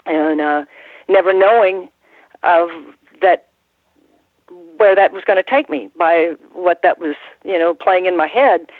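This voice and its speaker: A woman's voice: lowish voice, measured pace, no room sound. A woman in her sixties, a former ring announcer, telling rambling stories in a casual interview and laughing often. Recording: tinny phone line, dry.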